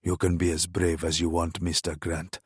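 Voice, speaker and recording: A man voicing a menacing, mocking crown prince in an audiobook thriller, speaking in a low, scornful, taunting tone. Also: completely flat delivery, normal speed, husky, dry recording, studio quality. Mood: contemptuous.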